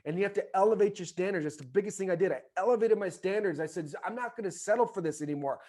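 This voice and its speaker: A man in his forties from the United States, a former ballplayer telling his story as an interview guest in a rambling, filler-heavy way that turns into a fervent motivational pitch. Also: fast, a little mellow. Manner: rambling, many fillers and restarts. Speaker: podcast guest, former baseball player.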